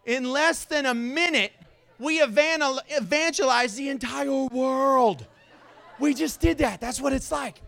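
A pastor preaching to his congregation in a church, playful and full of energy as he jokes at his own expense. His voice sits high for a man and sounds bright. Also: measured pace, vocal fry. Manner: playful, self-mocking, energetic. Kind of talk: sermon.

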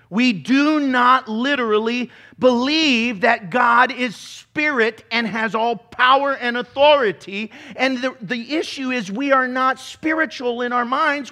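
A male pastor with a fairly high voice preaches a lively sermon. As he goes, he acts out voices and drifts into mocking impressions.

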